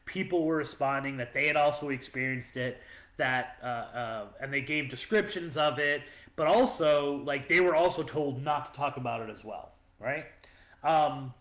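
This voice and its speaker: Recorded in an echoey room, a podcast co-host rambles casually through a story, leaning on lots of fillers. His voice is on the high side and a bit bright.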